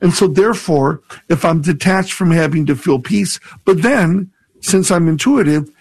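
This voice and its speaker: A man's voice: fairly high pitch, normal speed, a little mellow. A man, a priest co-hosting a call-in radio show, talking in a reflective, earnest way and telling stories.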